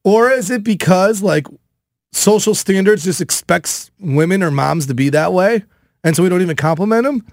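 A man in his thirties hosting a radio show, telling a story loudly and animatedly in casual chat. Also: high-pitched, moderate pace, dry recording, studio quality. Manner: animated storytelling, loud and excitable.

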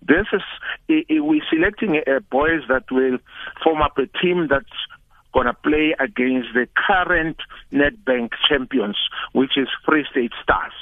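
An older South African man talks over a tinny, narrow phone line. His voice is gravelly and dry. He chats in a relaxed way and often repeats words as he gets going. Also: mid-range voice, a little slow, no room sound. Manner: relaxed, chatty, repeats words when starting. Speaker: guest, former football coach. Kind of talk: phone interview. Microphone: telephone.

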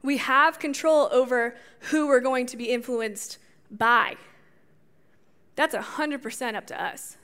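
Bright high-voiced woman preaching. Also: unhurried. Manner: animated, talks straight to the audience, laughs at her own slips. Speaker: youth speaker. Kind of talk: conversational sermon.

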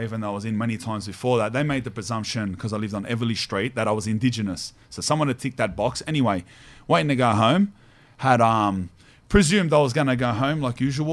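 A man with an Australian accent hosting a podcast, telling stories in a casual, slangy way with laughs. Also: fairly low pitch. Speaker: podcast host. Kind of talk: casual storytelling chat.

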